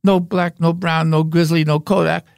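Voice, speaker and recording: A man's voice: on the high side, flat delivery, normal speed, vocal fry, a little mellow, no room sound, studio quality. An older man voicing a small, innocent baby polar bear in a joke, asking plaintive questions. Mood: earnest.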